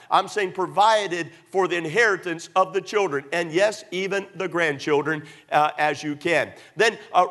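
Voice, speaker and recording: A man's voice: sits high, fairly bright tone. A middle-aged man, a pastor, preaching a sermon emphatically, repeating points and using many fillers.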